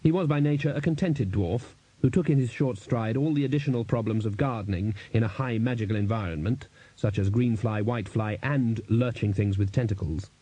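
A man narrating an audiobook in a lively, expressive reading on a close studio mic. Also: fairly low pitch, brisk, few pauses, slightly rough, low-quality recording.

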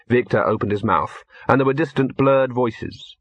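A man calmly narrating a story as an audiobook reader. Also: medium pitch, moderate pace, hardly any pauses, slightly rough, no echo. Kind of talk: scripted narration.

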